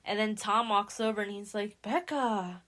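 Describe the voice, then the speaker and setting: Young woman, podcast host, casual book recap, slangy, animated. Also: medium pitch, a little fast. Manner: animated, slangy, acts out characters' lines.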